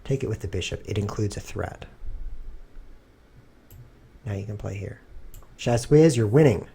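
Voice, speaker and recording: A man streaming himself playing chess, thinking aloud and cracking dry, deadpan jokes in low muttered asides. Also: a little slow, creaky, slightly rough.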